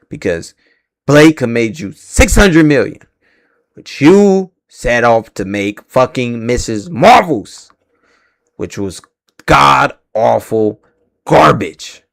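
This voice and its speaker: Young male live-stream host, profane angry rant, animated swings in pitch. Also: slow, creaky, dry recording, studio quality.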